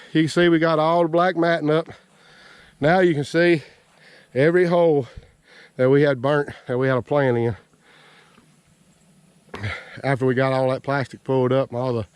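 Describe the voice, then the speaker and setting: A man talks to the camera while working outdoors in a garden field, out of breath and chatty. His delivery rambles in a folksy, self-deprecating way, with a voice of ordinary middle pitch. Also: a little mellow, clean tone, no echo. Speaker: homesteading vlogger. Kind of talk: casual outdoor vlog narration.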